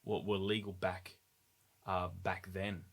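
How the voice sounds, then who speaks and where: Low-voiced man chatting as host. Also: little pitch movement, takes it slowly, fairly bright tone. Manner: brief backchannel replies. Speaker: podcast host. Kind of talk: casual chat.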